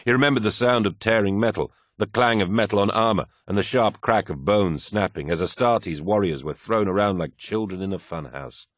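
Deep-voiced male audiobook narrator. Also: brisk, hardly any pauses, no echo, studio quality. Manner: steady dramatic storytelling. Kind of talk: scripted narration.

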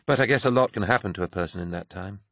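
A man voicing a fierce young woman in an audiobook who speaks plainly and earnestly and shouts when she is attacked. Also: lowish voice, rapid-fire, no room sound, clean studio sound. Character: fierce young woman, former skeptic turned believer. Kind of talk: audiobook character voice.

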